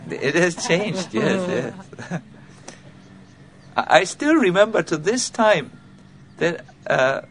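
A man with giving an informal spiritual lecture, halting with many fillers and restarts, and self-mocking. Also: high voice, very animated, a bit bright. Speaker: spiritual teacher giving a talk.

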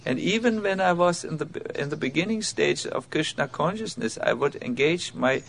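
A man with giving an informal spiritual lecture, halting with many fillers and restarts, and self-mocking. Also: a little high, lively intonation, vocal fry, a bit bright, slight background noise. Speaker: spiritual teacher giving a talk.

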